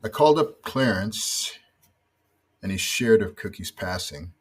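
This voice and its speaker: A man's voice: lowish voice, animated, a little slow, breathy edge. A man and former rugby teammate giving a reflective memorial tribute, telling a story and letting his voice drop at the ends of phrases.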